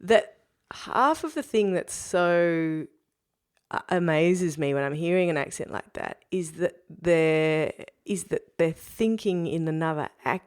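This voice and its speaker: A woman co-hosting a podcast in casual chat, animated, laughing often and restarting sentences. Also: sits low, unhurried, clean tone. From Australia. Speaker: podcast co-host.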